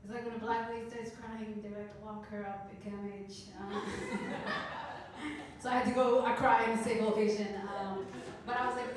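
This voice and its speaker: Woman in her thirties, stand-up comedian, deadpan dark storytelling, slightly high voice, echoey club from a distance. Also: moderate pace, slight background noise. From Canada. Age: 30s.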